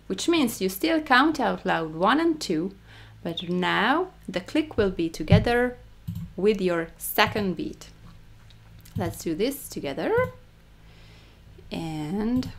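A woman with a Hungarian accent teaching a rhythm lesson, counting the beats aloud and stressing the first. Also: medium pitch. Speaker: music teacher.

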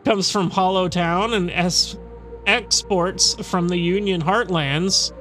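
A brusque female harbor guild clerk from a fantasy game, read out by a man in a high, bright voice. She grumbles wryly and unhurriedly about her dull work. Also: fairly even intonation, slow, soft background music. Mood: grumbling. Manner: wry, weary grumbling. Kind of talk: reading game dialogue aloud.

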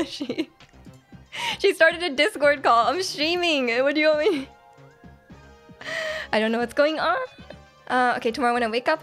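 A woman's voice: high-pitched, a bit bright. A woman live-streaming a video game, chatting casually with her chat, giggling often and reading messages aloud.

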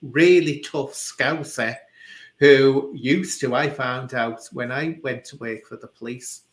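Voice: mid-range voice, slow pace. A host with a Liverpool accent telling anecdotes in casual chat, full of quoted speech. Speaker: interview host. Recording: roomy echo.

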